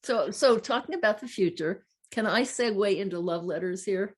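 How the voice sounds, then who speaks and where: A woman's voice: medium pitch, moderate pace, breathy edge. An older woman hosting an interview, chatty and affirming, telling personal anecdotes as she talks. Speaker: host. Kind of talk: conversational interview.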